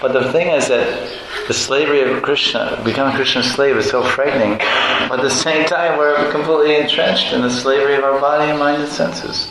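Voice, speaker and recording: A man's voice: medium pitch, gravelly. A man giving a devotional lecture as a monk, playful, laughing often and acting out little voices. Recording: echoey room with noise.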